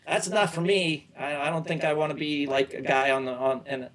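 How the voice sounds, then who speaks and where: A man's voice: a little high, steady tone, a little fast, a bit bright, rough recording. A middle-aged man as an interview guest, telling loose, rambling stories in casual chat and often restarting his sentences.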